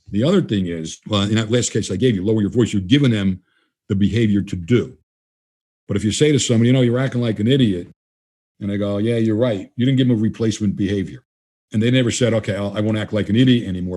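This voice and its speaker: Rich A fast-talking man with a husky, mellow voice, speaking as an interview guest. He is blunt and emphatic, and he slips into quick acted-out exchanges as he makes his points. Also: on the low side. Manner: blunt, emphatic, acts out dialogue. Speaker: guest trainer. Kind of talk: casual interview talk.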